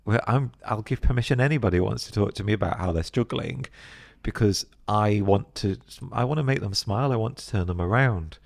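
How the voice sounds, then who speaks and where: A middle-aged man with a British accent talks through a relaxed interview. His voice is very deep with a gravelly edge, and he slips into playful impressions of other people as he tells his stories. The recording is dry and close. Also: a little fast, dry recording. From Britain. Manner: animated, acts out voices of others mid-story. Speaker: podcast guest, business co-founder. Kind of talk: casual interview chat.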